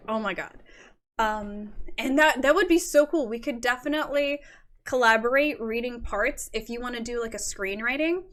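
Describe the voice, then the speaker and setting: A woman's voice: a little high, sharp tone. A young woman hosting a livestream, chatting casually with viewers and gushing over their work. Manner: gushing, effusive, reads chat aloud. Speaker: livestream host.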